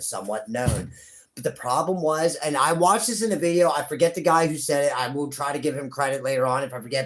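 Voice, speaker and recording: A young man in a casual reaction vlog, talking straight to his viewers in an excitable way and swearing often. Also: mid-range voice. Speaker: wrestling vlogger.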